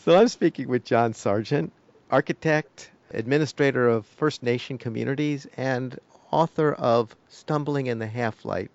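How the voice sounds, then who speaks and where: A man's voice: mid-range voice, moderate pace, a little mellow, no echo, dull audio. A man interviewing an author, introducing him and asking him to share another story. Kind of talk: casual interview.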